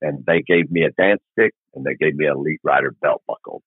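A middle-aged man from Arkansas, USA, guests on a podcast and rambles through a long motorcycle story, acting out its characters with quoted dialogue in an animated, casual retelling. His very deep voice is slightly rough and a little fast. The audio is narrow and tinny, with no room sound.

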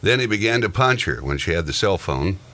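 A man with a very deep voice reads quirky news items aloud. He turns them into casual, joking banter with his co-host. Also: sing-song, a little fast, bright, forceful tone. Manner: reads odd news items then jokes about them.

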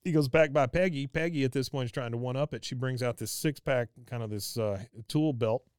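A man's voice: mid-range voice, fairly quick, a little mellow, smooth, dry recording, clean studio sound. A man hosting a podcast, casually retelling cartoon scenes with lots of uhs and chuckles. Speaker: podcast host. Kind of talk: casual episode recap.

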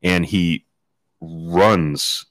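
A man co-hosting a podcast, telling stories in a rambling, animated way. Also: sits low, very slow, no room sound. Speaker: podcast co-host. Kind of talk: casual storytelling chat.

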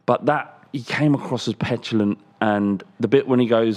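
A man's voice: medium pitch, moderate pace, a little mellow. A man co-hosting a casual football podcast, thinking aloud with frequent restarts as he analyses players. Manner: thoughtful, many restarts, analytical. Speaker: podcast co-host, football pundit.

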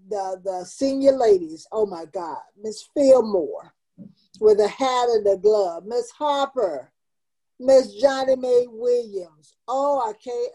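An older woman in her seventies speaks as an interview guest, recounting her life with earnest, heartfelt emphasis. Her voice sits fairly high but sounds warm and mellow. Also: gravelly, low-quality recording. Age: 70s. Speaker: guest, community founder. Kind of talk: personal storytelling interview.

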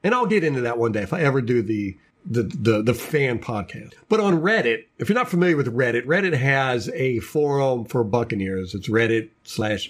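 A man hosting a casual sports podcast, ranting with lots of repeated words and restarts. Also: on the high side. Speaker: podcast host.

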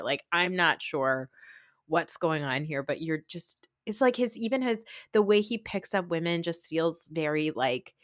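A lower-voiced woman hosts a chatty podcast from a dry, close-miked spot. She is from New Jersey and gossips freely, laughing and mimicking people as she goes. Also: normal speed, a bit bright, no room sound. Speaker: podcast host. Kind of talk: casual chat.

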